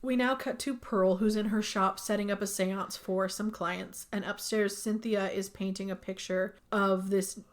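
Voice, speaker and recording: A young woman talks through a movie's plot in easygoing podcast chatter, dropping "like" into nearly every line. Her pitch sits in a middle range, neither high nor low for a woman. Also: steady tone, normal speed, few pauses. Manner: chatty, peppered with "like". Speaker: podcast co-host. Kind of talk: casual movie recap.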